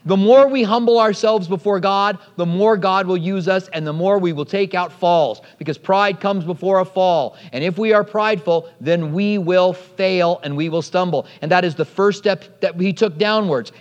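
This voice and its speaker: A man preaching a sermon as pastor, animated and storytelling, acting out quotes along the way. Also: high-pitched, normal speed, few pauses, big-room sound, muffled recording.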